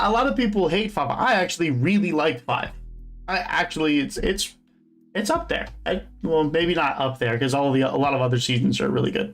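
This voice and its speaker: A young man giving casual, rambling fan commentary on a show, full of fillers and restarts. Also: high voice. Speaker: host.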